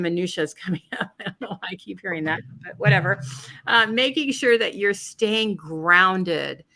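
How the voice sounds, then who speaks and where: A woman's voice: mid-range voice, vocal fry, a bit bright. A woman from California doing an intuitive card reading, talking in a loose, repeating way as she reads the cards over a video call. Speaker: card reader and co-host. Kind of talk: live card reading chat.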